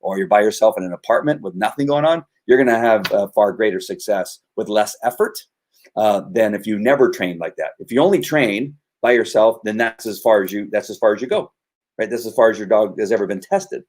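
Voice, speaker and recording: A man's voice: lowish voice, a little fast, a little mellow. A man who trains dogs, explaining his methods in casual talk and often restarting his sentences. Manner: rambling, with many restarts and repeated words. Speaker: dog trainer.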